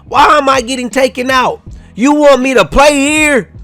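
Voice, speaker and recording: A young man giving casual, animated commentary over a football video game, trash-talking and half-singing his asides. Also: very high voice, normal speed. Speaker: gaming YouTuber. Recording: faint music behind.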